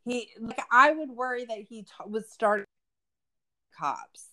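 A woman's voice: on the high side, sing-song, measured pace, sharp tone. Sarcastic, profane woman recapping. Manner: profane, sarcastic, frequent "like" fillers. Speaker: podcast co-host. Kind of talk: casual true-crime recap chat.

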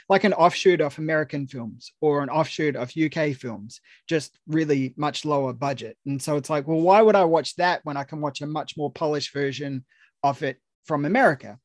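An enthusiastic man with an Australian accent chats about film on a podcast, full of "you know" and quick asides. His voice sits a little high for a man. The sound is dry and close to the mic. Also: no echo. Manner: enthusiastic, chatty, many fillers. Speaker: film critic and interviewer. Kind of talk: casual podcast conversation.

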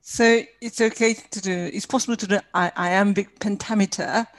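A woman's voice: medium pitch, fairly even intonation, normal speed, no room sound, low-quality recording. A woman interviewer asks her questions hesitantly, feeling her way with fillers. Her voice sits mid-range and sounds dry and close. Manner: hesitant, inquisitive, laughs lightly.

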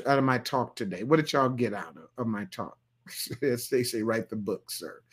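Folksy pastor chatting with online viewers. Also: male voice, medium pitch, fairly quick. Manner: loose, folksy, playful, with sudden loud bursts. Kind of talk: livestream sermon talk reading viewer comments.

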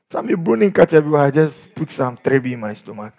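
A middle-aged man preaching a sermon, swinging from shouts down to near whispers. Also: fairly high pitch, lively intonation, fast, vocal fry, husky. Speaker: pastor.

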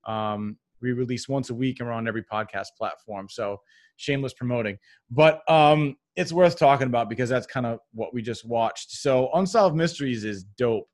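A man's voice: mid-range voice, moderate pace, no echo, studio quality. A man hosting a podcast, talking in a laid-back, slangy, rambling way. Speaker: podcast host. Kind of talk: casual chat.

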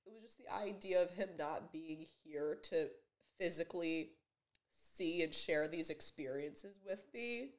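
Young woman in an emotional, halting vlog. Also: on the low side. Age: 20s. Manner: emotional, halting, full of fillers. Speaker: vlogger. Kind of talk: personal confessional vlog. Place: her bedroom. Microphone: camera mic.

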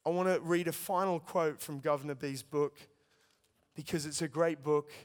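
Young male preacher, storytelling testimony, smooth and resonant, big reverberant hall. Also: fairly high pitch, fairly even intonation, normal speed. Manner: storytelling, earnest, addresses listeners as guys. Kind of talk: sermon testimony.

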